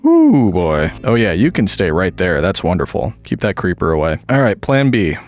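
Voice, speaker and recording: A man's voice: deep voice, expressive, fairly quick. A man giving casual gameplay commentary, chatty and wry, coaxing the game characters along like pets. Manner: wry, self-mocking asides. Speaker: gaming video creator.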